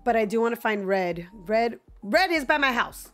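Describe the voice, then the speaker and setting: This gaming streamer is a woman whose voice is fairly high, expressive and a bit bright, at a moderate pace. Live on stream, she laughs frequently, chats with viewers and talks back to characters in the game, with faint music behind her.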